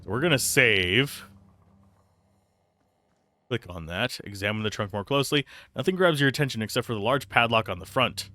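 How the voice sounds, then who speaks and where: A man's voice: mid-range voice, animated, normal speed, long pauses, pushed and bright. A man streaming a role-playing game, chatting casually and reading the game text aloud. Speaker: let's play streamer. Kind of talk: casual gameplay commentary.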